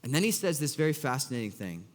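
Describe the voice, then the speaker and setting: Animated pastor preaching in a church hall. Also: male voice, medium pitch, quick pace. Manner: animated, acts out Jesus's lines in an exasperated voice; casual and joking, full of fillers. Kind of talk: sermon.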